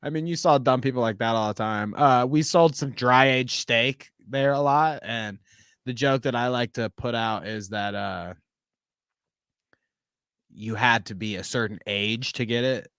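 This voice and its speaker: A man chatting casually as a podcast co-host, telling animated stories with plenty of swearing and laughter. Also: medium pitch, unhurried, clean tone, no echo, clean studio sound.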